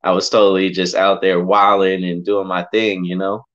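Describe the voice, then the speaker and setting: A man's voice: sits low, flat delivery, moderate pace, fairly bright tone. A man sharing his faith testimony in a casual podcast chat, heartfelt and emotional, often saying bro and man. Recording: muffled lo-fi audio.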